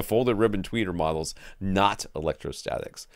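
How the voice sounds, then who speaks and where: A man's voice: low voice, expressive, brisk, dry recording, studio quality. A man co-hosting a podcast, giving rambling, jokey home theater advice with lots of restarts. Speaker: podcast co-host. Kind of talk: casual chat answering listener questions.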